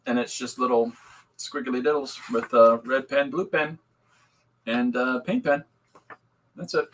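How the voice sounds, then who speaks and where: Husky man chatting casually on a stream. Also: medium pitch, a bit bright, low-quality recording. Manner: rambling, upbeat, greets viewers. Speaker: podcast host and comic artist. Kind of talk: casual livestream chat.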